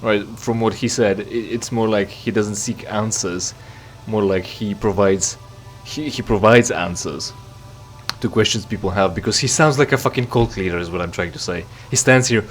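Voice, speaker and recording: A man's voice: fairly low pitch, normal speed, slight background noise. A man giving sarcastic, rambling commentary over a game he is playing and reading its dialogue aloud. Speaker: let's play commentator. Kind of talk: casual gameplay commentary.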